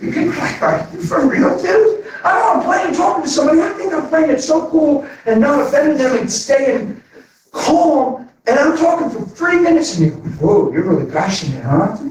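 A man preaching a sermon, telling stories with animated energy, laughing and acting out conversations. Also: very high-pitched, normal speed. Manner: animated, laughing, acts out dialogue. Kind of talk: sermon with storytelling. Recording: very echoey, distant from mic.

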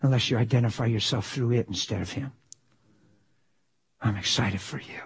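A man preaching a sermon with passion, swinging from loud exclamations to near-whispers. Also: mid-range voice, moderate pace, slightly rough.

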